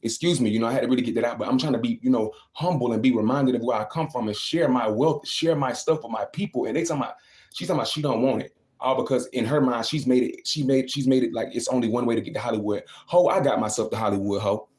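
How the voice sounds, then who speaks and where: Fast-talking young man venting on a livestream. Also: medium pitch, darkish tone. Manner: venting, emphatic, repeats himself. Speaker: livestreaming vlogger. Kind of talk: casual livestream rant.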